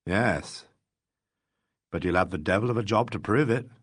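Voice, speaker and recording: A man's voice: on the low side, normal speed, breathy edge, dry recording, studio quality. A man voicing a blunt, skeptical police officer in a mystery audiobook.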